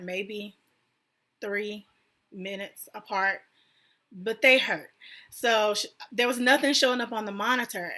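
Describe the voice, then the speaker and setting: A young woman with a bright, clear-edged voice tells her own story in a loose, conversational way. She leans on "like" and "I was like," acting out what was said, at a middle pitch. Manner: conversational, many "like" and "I was like" quotes. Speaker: vlogger sharing a personal story. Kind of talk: casual personal storytelling.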